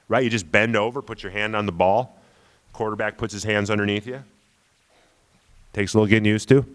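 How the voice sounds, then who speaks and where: A man in his forties with a fairly low voice gives a lecture full of stories. He is casual and self-deprecating and keeps checking in with the audience by asking "right?". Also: fairly bright tone, smooth. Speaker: guest lecturer.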